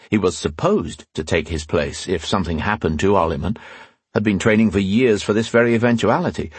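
A man reading a fantasy novel aloud as an audiobook narrator, with a husky voice, voicing the dialogue with small shifts in pitch. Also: no room sound.

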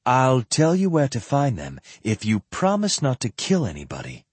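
Man doing a firm shrewd wise woman, husky, lively lilt, dry sound. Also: medium pitch, normal speed, no echo. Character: wise, firm female mystic, gentle but shrewd.

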